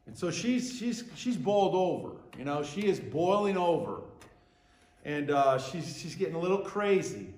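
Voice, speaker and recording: A man preaching a sermon, animated, his voice dropping soft and low when he quotes Jesus. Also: moderate pace, roomy sound.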